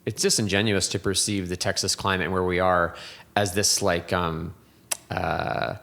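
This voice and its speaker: This whiskey distiller and blender rambles thoughtfully in a podcast interview, full of restarts and fillers, and turns reflective and poetic. His low, gravelly voice barely moves in pitch, comes at normal speed, and sounds pushed and bright.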